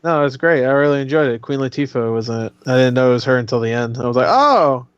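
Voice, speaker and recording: A man's voice: mid-range voice, flat delivery, rapid-fire, clean tone, no room sound, highs cut off. A man co-hosting a casual chat, laughing often and swearing freely. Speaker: co-host.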